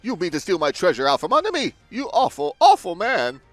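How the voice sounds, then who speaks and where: A man's voice: a little high, quick pace, fairly bright tone, soft background music, natural voice. A man reading game dialogue aloud, voicing a pompous, grandiose male millionaire sailor in a theatrical, haughty manner. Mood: indignant. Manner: theatrical, haughty, with wild swings in delivery.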